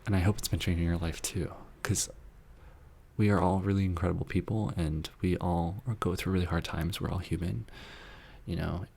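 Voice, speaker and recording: A man hosting a soft-spoken ASMR live chat, answering viewer messages in a tender, earnest, rambling way that drifts into whispers. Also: low-pitched, flat delivery, moderate pace, gravelly, husky. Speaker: ASMR channel host reading viewer messages.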